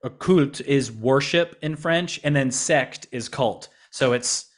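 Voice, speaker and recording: A man's voice: medium pitch, measured pace. American man, earnest missionary pastor. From United States. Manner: earnest, frequent restarts and repeated words. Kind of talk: conversational interview answers.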